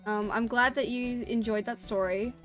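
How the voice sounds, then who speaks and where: A woman's voice: a little high, fairly even intonation, moderate pace, a bit bright, soft background music. A woman streamer reading a spooky story aloud and chatting with her audience. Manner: storytelling, then chatty and self-conscious.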